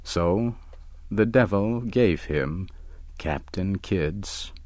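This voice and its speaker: A man narrating a story in a slow, deliberate, plain reading style. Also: low voice, a little mellow, no echo.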